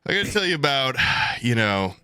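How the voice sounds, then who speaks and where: A man's voice: mid-range voice, big pitch swings, moderate pace, pushed and bright, clean tone, dry recording, clean studio sound. A young man co-hosting a podcast, telling a story in a casual, comedic way, acting out quotes and swearing freely. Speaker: podcast co-host.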